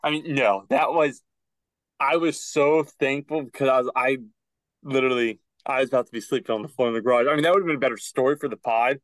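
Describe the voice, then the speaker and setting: A young man co-hosting a podcast, telling a casual story and acting out quotes with rising pitch. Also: steady tone, fast, dry recording. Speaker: podcast co-host. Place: closet at home.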